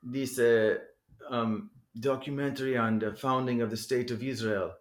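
A man's voice: medium pitch, steady tone, moderate pace, natural voice. A man imitating an older German street jazz musician, speaking with a put-on German accent in a casual, chatty way. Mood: earnest. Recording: echoey room.

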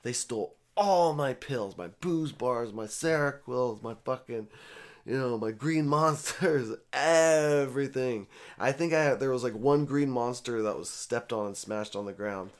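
Brief: young guy, mid-pitched, loose and profane, rambling casual storyteller. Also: measured pace. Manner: profane, rambling, animated retelling.

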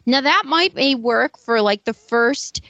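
A woman co-hosting a podcast who speaks in a skeptical, measured way and reads book passages aloud. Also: a little high, lively intonation, pushed and bright, dry recording. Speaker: podcast co-host. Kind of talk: casual chat and reading book passages aloud. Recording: slightly dull, dry sound.

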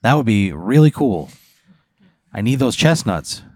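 A man's voice: lowish voice, big pitch swings, unhurried, a little mellow, husky, no room sound. Male improv player, cursing, exasperated, dry mic. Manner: profane and exasperated. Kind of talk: improvised comedic role-play.

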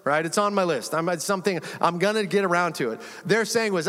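A male pastor delivers an animated, conversational sermon, slipping into little acted-out quotes and chuckling as he goes. His voice sits high for a man. The sound carries the long reverb of a large church sanctuary. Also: quick pace.

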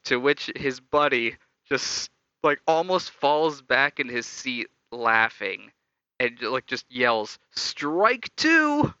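A man's voice: mid-range voice, steady tone, slow, sharp tone, smooth, no echo. A young adult man casually telling stories about his upbringing, reflective and loosely rambling. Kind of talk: casual personal storytelling. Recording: slightly dull lo-fi dry recording.

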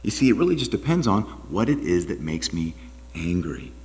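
Male pastor, low voice with a wide, expressive range, preaching with rhetorical questions in a reverberant sanctuary. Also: moderate pace. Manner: animated preaching, rhetorical questions, drops to quiet asides. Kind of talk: sermon. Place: church sanctuary. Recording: long reverb of a church hall.

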